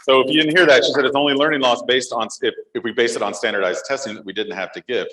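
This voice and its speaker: A man's voice: mid-range voice, fairly even intonation, fast, reverberant, background noise. Playful man hosting a live podcast. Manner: playful, jokey, engages the crowd. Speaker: podcast co-host. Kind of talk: live podcast chat with audience. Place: conference room with live audience.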